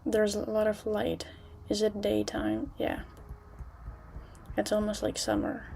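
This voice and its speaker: A young woman livestreaming from a room at home, chatting casually with viewers in a halting way with many restarts, now and then dropping to a whisper. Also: mid-range voice, completely flat delivery, vocal fry, slight background noise. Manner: halting, restarts often, soft at times.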